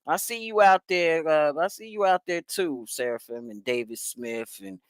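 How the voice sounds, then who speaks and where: A man hosting a show, reacting to news clips in a casual, profane way, loud and laughing, swinging from shouts to mumbles. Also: on the high side, moderate pace, clear, resonant tone, no room sound, studio quality. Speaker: host.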